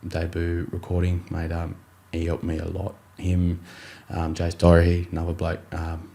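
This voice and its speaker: A man's voice: low voice, completely flat delivery, normal speed, vocal fry, dark tone. A young Australian man, a rugby league player, telling his story in a casual interview, rambling with many fillers and acting out his coach's words.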